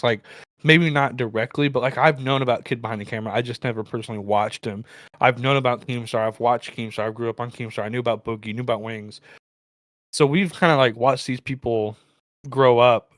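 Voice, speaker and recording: A man chats through a casual commentary show, wandering through his points with lots of fillers and restarts. His voice sits at an ordinary pitch and comes across dry and close to the mic. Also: no room sound. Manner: loose, filler-heavy, rambling. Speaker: co-host.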